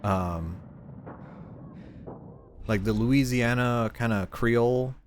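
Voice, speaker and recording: In a medium-pitched voice and at a slow pace, a man rambles in casual chat while streaming a shooter, swearing freely with a neutral accent. The background is noisy, with loud game gunfire behind his voice.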